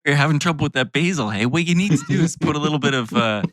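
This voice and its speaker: A man's voice: fairly high pitch, animated, very fast, dry recording. A man chatting with the other players in a tabletop game, teasing and playful. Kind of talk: casual chat among players.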